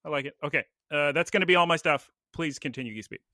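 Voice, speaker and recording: A man co-hosting a podcast, chatting casually with quick jokes and asides. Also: a little high, no room sound, studio quality. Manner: animated, jokey, quick asides. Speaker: podcast co-host. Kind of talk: casual chat.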